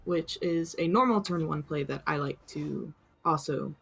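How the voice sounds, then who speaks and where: A woman's voice: sits low, measured pace, vocal fry. A woman co-casting a card game tournament, cheerful and casual. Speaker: co-caster.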